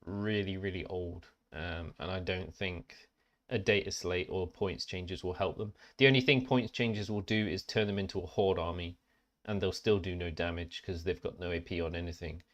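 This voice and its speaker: Deep-voiced blunt man on a podcast. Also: steady tone, normal speed. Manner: blunt, sweary, complaining about game rules. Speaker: podcast co-host. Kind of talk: casual chat.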